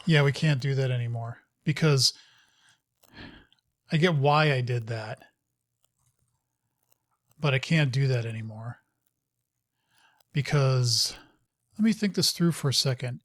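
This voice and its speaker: Slow-talking man thinking aloud while coding. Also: medium pitch, no echo, clean studio sound. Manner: muttering to himself and scolding his code; casual, self-mocking asides. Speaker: host of a live coding session.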